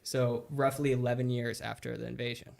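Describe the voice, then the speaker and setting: A man hosting a podcast, relaxed and chatty in a casual interview. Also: medium pitch, brisk, gravelly. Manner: relaxed, chatty, lots of fillers. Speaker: podcast host.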